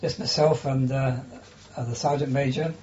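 Older man reminiscing, halting and mellow. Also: mid-range voice, steady tone, dull audio, a little hiss or hum. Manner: halting, hesitant with many restarts and fillers. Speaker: interviewee, former prisoner of war. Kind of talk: oral history interview.

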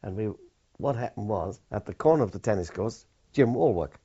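Older man, low husky voice, halting with restarts, dull lo-fi sound. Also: animated, dark tone. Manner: plain and halting, with many restarts. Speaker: war veteran. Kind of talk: oral history recollection. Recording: dull lo-fi recording.

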